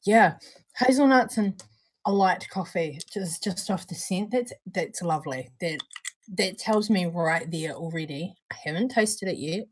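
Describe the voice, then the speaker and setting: A woman talks casually on a live stream, taking her time over every sentence. She is chatty and relaxed, trailing off mid-thought and laughing often. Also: lowish voice, a little slow, breathy edge. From Australia or New Zealand. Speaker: co-host of a vape review stream.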